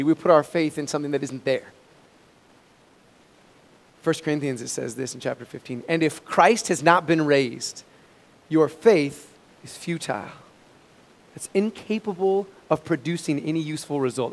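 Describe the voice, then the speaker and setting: A man preaching a sermon as pastor, swinging from loud emphatic peaks down to quiet low asides. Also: long reverb tail. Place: church sanctuary.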